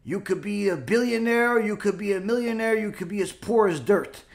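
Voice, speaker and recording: A man's voice: high-pitched, moderate pace, gravelly. A man teaching a Torah class, explaining a Talmud passage with rhetorical questions and repeated key phrases, mixing Hebrew terms into his English.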